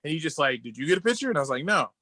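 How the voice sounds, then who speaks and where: A man co-hosting a casual podcast over a video call, telling excited stories and quoting people in a lowered voice. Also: racing, no echo. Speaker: podcast co-host.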